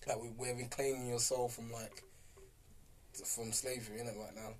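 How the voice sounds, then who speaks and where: A man's voice: mid-range voice, little pitch movement, darkish tone, slight background noise. A young man, co-hosting a casual, argumentative podcast chat full of slang and jokes. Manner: fast, argumentative, jokey with slang. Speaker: podcast co-host.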